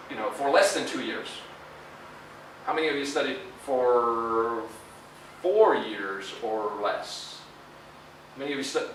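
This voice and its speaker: A man's voice: fairly high pitch, a bit bright, a little hiss or hum. A middle-aged man giving a conversational university career talk, full of fillers and tag questions. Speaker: guest lecturer. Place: lecture hall. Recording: echoey hall, far from mic.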